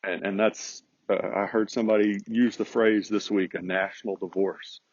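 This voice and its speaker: A man's voice: fairly low pitch, steady tone, normal speed, no room sound. A man hosting a podcast, speaking in an earnest, preachy, emphatic monologue. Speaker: podcast host. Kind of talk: casual monologue. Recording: dull, lo-fi.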